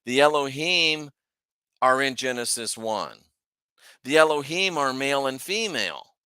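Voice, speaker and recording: A man's voice: mid-range voice, sing-song, unhurried, bright, forceful tone, clean tone, dry recording, clean studio sound. A man hosting his own channel, teaching from the Bible in a casual, emphatic way, asking rhetorical questions and thinking aloud as he shares his screen. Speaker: host.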